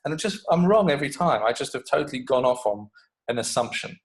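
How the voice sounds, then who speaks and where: This creativity coach, a man, swears liberally while spinning a lively story during a relaxed podcast interview. He talks quickly at a medium pitch, and the recording sounds poor.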